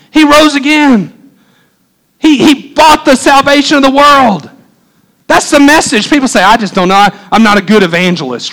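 A preacher man, his voice sitting unusually high for a man. He preaches eagerly and quickly, tripping over his words and restarting in his rush to get the next thing out. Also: low-quality recording. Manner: fast, excitable preaching with many restarts. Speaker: pastor. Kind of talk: sermon.

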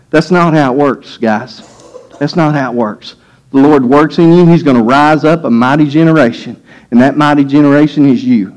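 A man's voice: on the high side, normal speed, rough recording. A man preaching a sermon, telling a scripture story and acting out the voices with rising emphasis. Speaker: pastor.

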